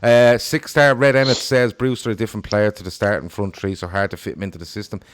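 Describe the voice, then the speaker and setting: A man's voice: on the low side, fairly even intonation, quick pace. A man hosting a casual football podcast, talking animatedly and reading out viewer comments. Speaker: podcast host.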